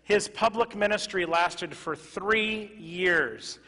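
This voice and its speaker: A male pastor preaching a sermon to his congregation, moving from loud emphatic exclamations to quiet, earnest asides. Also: high voice, slow. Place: church sanctuary. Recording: reverberant church hall.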